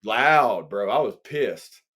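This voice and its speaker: A man's voice: fairly low pitch, slow. A man co-hosting a casual podcast, telling stories with profanity and acting out the dialogue. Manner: animated, profane, acts out dialogue. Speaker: podcast co-host. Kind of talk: casual storytelling chat.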